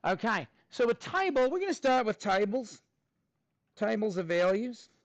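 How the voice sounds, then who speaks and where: High-voiced upbeat male math teacher. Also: sing-song, moderate pace, no room sound. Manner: upbeat and chatty, jokes with students. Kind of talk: classroom lesson. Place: classroom.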